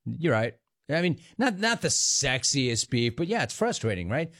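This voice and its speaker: A man's voice: medium pitch, very animated, moderate pace, fairly bright tone. A man hosting a call-in radio show, taking callers with a playful, joking delivery. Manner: playful, jokey, sing-song riffs. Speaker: radio talk show host.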